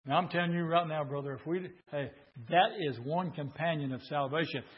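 Male revival preacher. Pitched high, swings from hushed pleading to full shouts. Dull, lo-fi recording. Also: fairly even intonation, brisk, slightly rough. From southern Indiana, USA. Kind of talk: revival sermon.

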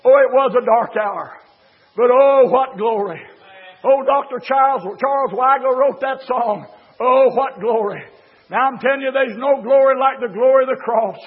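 A man preaching a fiery sermon, shouting in a chanting cadence, with a gravelly voice, recorded in a church. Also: very high-pitched, normal speed. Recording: tinny phone-like recording in a reverberant hall.

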